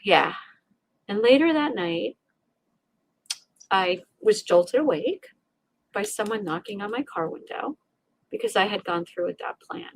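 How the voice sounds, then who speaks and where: A middle-aged woman, a resilience coach, telling an emotional personal story as a podcast guest, animated and acting out her inner voices with frequent restarts. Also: mid-range voice, unhurried, long pauses, slightly rough.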